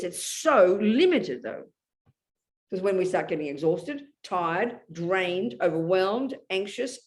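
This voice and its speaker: A woman giving a Buddhist dharma talk to an audience, blunt and emphatic, often checking in with her listeners. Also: medium pitch. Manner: emphatic and animated, often asks the audience "you know?"; blunt, outspoken. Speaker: Buddhist teacher.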